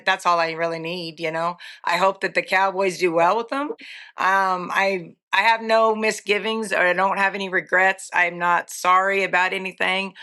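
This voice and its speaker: Bright, candid woman guest. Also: medium pitch. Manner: candid and upbeat, with filler ums. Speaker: guest, rodeo stock contractor. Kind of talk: casual interview talk.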